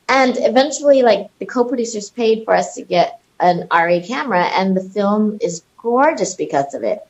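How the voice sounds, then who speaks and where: A woman's voice: fairly high pitch, very animated, a little fast, hardly any pauses, highs cut off. A woman in her thirties, a film director as a podcast guest, telling stories with lots of energy, laughter and swearing. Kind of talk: casual podcast interview.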